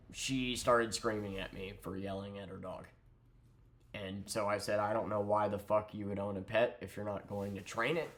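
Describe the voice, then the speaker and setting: A young man with a lowish voice tells an angry storytime rant. He swears freely and drips with sarcasm. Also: slight background noise. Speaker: vlogger. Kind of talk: ranting storytime.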